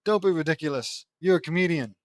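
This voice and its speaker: A man's voice: on the high side, fast, no room sound, studio quality, close to an everyday voice. A man voicing an eleven-year-old cartoon boy, frantic and bewildered, in a fan-fiction audiobook. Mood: startled. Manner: startled exclamations.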